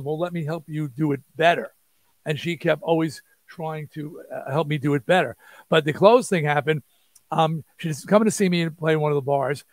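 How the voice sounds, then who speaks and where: A man, telling an animated, rambling story as an interview guest and acting out quotes. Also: a little high, gravelly, no echo. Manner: rambling, restarts, acts out quotes. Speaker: interview guest, rock singer.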